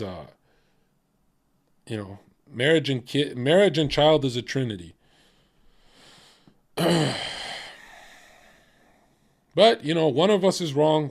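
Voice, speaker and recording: A male streamer at a middle pitch, talking straight into his mic. He argues with his chat, swears freely and laughs between jabs in a loose, combative rant. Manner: profane, combative, laughs often. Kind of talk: casual livestream rant.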